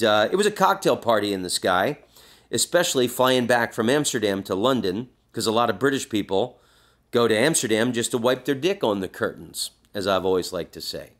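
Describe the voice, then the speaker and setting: A man hosting a podcast, telling a story with crude jokes and reading passages aloud. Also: on the low side. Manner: animated storyteller, crude jokes, acts out voices. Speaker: podcast host.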